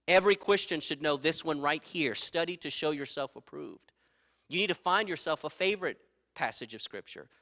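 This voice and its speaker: A man's voice: a little high, sharp tone. A middle-aged man preaching a sermon as pastor, emphatic and repeating his key phrases, with stories from his own life.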